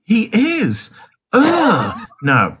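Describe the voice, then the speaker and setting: A man's voice: high voice, wildly swooping pitch, extremely slow, a bit bright, breathy edge. A man co-hosting a podcast in casual chat, speaking emphatically and dramatically. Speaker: podcast co-host.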